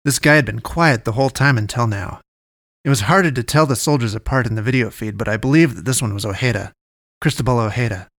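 A man narrating a first-person story in a measured, even way. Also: medium pitch, dry recording, clean studio sound.

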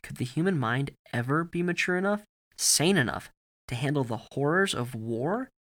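A man reading a story aloud in a steady, grave narrating manner. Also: on the high side, normal speed.

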